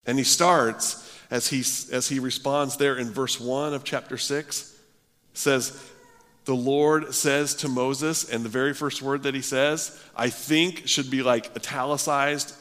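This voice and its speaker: A man's voice: medium pitch, fairly even intonation, a little slow, pushed and bright. Male pastor, emphatic sermon delivery, mid-range voice, long church reverb. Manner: emphatic, earnest, rises and drops for stress. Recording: long reverb of a large hall.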